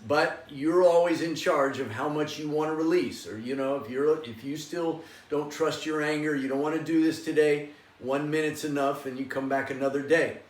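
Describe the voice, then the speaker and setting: A man's voice: a little high, fairly even intonation, moderate pace. Echoey, distant man leading a chanting class. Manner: encouraging, coaxing listeners to join in; loud forceful chanting bursts. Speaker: yoga and meditation teacher.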